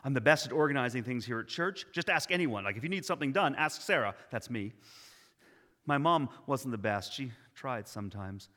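A man gives voice to a driven, anxious mother who keeps insisting she is the best. The tone is bright, and a long hall reverb follows her words. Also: medium pitch, lively intonation, brisk. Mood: proud. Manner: insistent, self-assured, repetitive.

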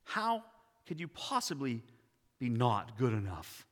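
A man voicing Jesus, speaking slowly and deliberately with tenderness and authority. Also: mid-range voice, sing-song. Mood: commanding. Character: Jesus, gentle but commanding man. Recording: long hall reverb.

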